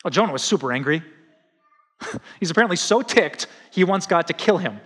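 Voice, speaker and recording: Animated pastor preaching in a reverberant hall. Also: male voice, on the high side, moderate pace, breathy edge. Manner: animated, conversational preaching with acted-out quotes. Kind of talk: sermon.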